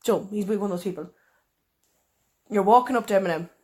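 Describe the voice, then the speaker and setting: A woman co-hosts a podcast in relaxed, casual chat. She teases her friend with crude jokes. Her pitch sits in the middle range. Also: brisk, slightly rough. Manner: giggly, crude, teasing. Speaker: podcast co-host.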